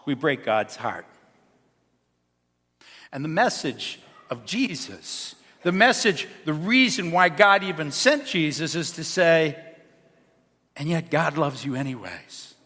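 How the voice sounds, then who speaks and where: A male pastor giving a sermon, swinging between loud emphasis and soft, hushed lines. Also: a little high, big pitch swings, takes it slowly. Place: church sanctuary. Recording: long reverb of a church hall.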